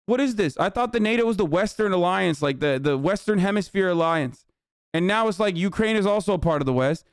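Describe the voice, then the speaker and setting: High-voiced man ranting profanely. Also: expressive, brisk, clean tone, no room sound, clean studio sound. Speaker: livestream host. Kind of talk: heated political commentary on stream.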